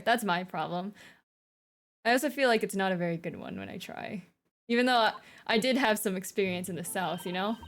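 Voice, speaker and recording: A young woman streaming a game, chatting casually and giggling as she reads dialogue aloud. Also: medium pitch. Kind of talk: casual chat while playing a game.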